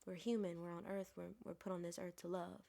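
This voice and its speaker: A woman's voice: on the low side, little pitch movement, a little fast, vocal fry, dark tone. A woman voicing an older Southern diner waitress with a Southern US accent, kindly and wise, doling out folksy endearments. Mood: homespun wisdom.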